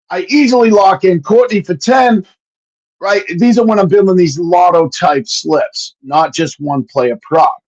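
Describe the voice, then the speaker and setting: Man, high voice, excitable betting analyst, dull lo-fi audio. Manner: excitable, swears, rattles off stats. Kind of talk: casual betting show chat.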